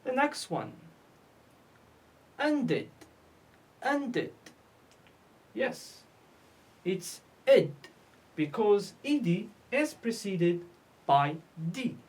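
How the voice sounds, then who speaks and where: A woman's voice: mid-range voice, very animated, takes it slowly, a little mellow. A woman teaching English pronunciation, asking and answering her own questions and repeating each word. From North Africa. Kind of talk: slow classroom lesson.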